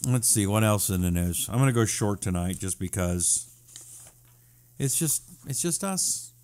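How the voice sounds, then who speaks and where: A man's voice: on the low side, big pitch swings, a little slow, darkish tone. Sarcastic man hosting a live stream. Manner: sarcastic, wisecracking, reads viewer comments aloud. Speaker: talk show host. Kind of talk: casual live-stream commentary.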